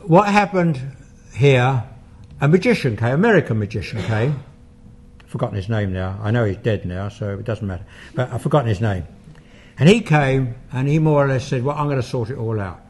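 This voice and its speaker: A man's voice: mid-range voice, expressive, moderate pace, a little mellow, husky. An older man, a paranormal investigator, giving a public talk and taking audience questions, in a conversational, anecdotal way with asides and fillers.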